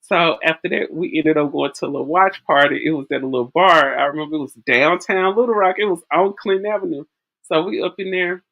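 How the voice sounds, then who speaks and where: A woman's voice: low-pitched, brisk, gravelly, lo-fi sound. A woman, chatting casually and animatedly about politics, telling stories with frequent laughs. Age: early 40s. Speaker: vlogger. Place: outdoors in wind.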